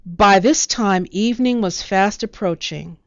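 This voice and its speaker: A woman narrating a storybook in a measured, expressive reading. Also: mid-range voice, no room sound, lo-fi sound.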